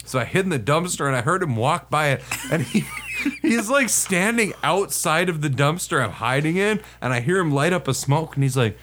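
Lively man telling a story, laughing. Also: a little high, normal speed, a little hiss or hum. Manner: animated, laughs often while telling, swears freely. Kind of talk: casual storytelling chat.

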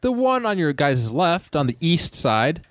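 A man narrating as game master of a tabletop role-playing game, talking in halting bursts with many restarts. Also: fairly high pitch, very animated.

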